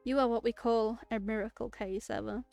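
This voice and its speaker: A woman voicing a calm, kindly hospital doctor in a game, reading the lines gently and reassuringly. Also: on the high side, fairly quick, highs cut off, soft background music, close to an everyday voice.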